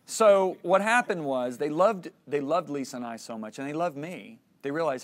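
A man's voice: fairly high pitch, lively intonation, moderate pace, hardly any pauses. Earnest middle-aged male Bible teacher. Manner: earnest storytelling, acts out dialogue. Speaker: Christian teacher. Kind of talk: teaching lesson with personal story.

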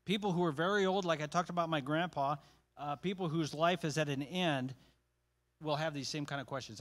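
A man's voice: on the high side, a little fast, a bit bright. A man leading a church Bible study in a casual, conversational teaching style, with joking asides and frequent restarts.

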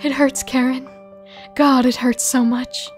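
A woman's voice: sits high, little pitch movement, unhurried, soft background music. A woman voicing a dying male snowman who pleads desperately and gasps in agony. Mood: anguished pleading. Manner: desperate, gasping pleas. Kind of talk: comic dramatic reading.

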